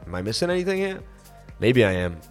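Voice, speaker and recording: Male livestream host, lowish voice, casual rambling delivery, faint background music. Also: quick pace. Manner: relaxed, rambling, many fillers. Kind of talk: casual livestream chat reading super chats. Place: on vacation in Florida.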